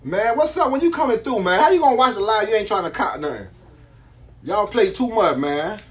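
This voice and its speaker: A man's voice: sits high, animated, brisk, slight background noise. A man, selling jewelry on a phone live stream, boastful and slangy, repeating his hype lines.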